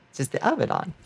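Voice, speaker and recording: A woman's voice: high-pitched, creaky, a little mellow. A woman streaming a video game, chatting casually with her viewers, laughing often and thanking them as she plays.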